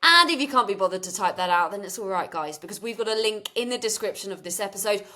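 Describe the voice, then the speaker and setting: A woman co-hosting a podcast, bubbly and quick to laugh. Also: mid-range voice, animated, pushed and bright, roomy sound. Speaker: podcast host. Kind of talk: casual podcast chat and ad read.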